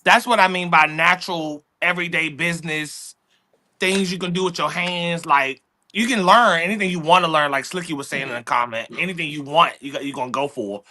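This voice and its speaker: A co-host on a casual livestream speaks with a bright tone and a mid-range pitch. They tease their partner playfully and read viewer comments aloud. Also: brisk, a little hiss or hum. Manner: teasing, reads out viewer comments.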